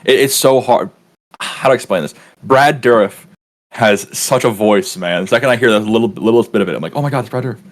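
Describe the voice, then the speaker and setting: A man's voice: on the low side, fairly quick. A man hosting a casual gaming podcast, talking animatedly, swearing freely and laughing often. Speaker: podcast host.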